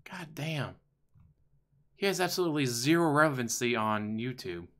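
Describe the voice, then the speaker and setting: A man's voice: mid-range voice, animated, moderate pace, a bit bright. A man hosting a casual livestream, commenting on videos in a profane, sarcastic, mocking way. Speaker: stream host.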